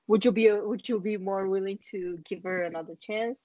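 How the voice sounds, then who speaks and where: A woman's voice: medium pitch, fairly even intonation, normal speed, no room sound, lo-fi sound. A young woman co-hosting a casual chat, teasing her friend with playful, probing questions.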